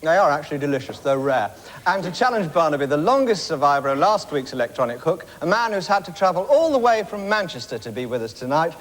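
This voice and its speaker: A man's voice: fairly high pitch, very animated, quick pace, in a large hall. A man hosting a talent show, introducing the acts with jaunty, wry patter. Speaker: show host.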